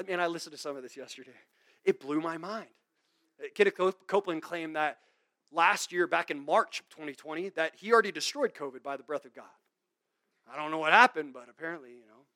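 Male preacher with a high voice, animated and emphatic, mocks greed in sudden loud bursts. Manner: swings from loud emphatic to quiet. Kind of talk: sermon.

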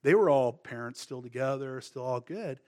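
A man's voice: mid-range voice, lively intonation, moderate pace, mellow. A middle-aged man preaching, telling his testimony in a casual, rambling way full of fillers and restarts. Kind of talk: sermon with personal testimony.

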